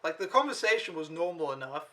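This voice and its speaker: A young man vlogging, telling a story in a casual, animated way and swearing freely as he acts out his own reactions. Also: fairly high pitch, fast talker.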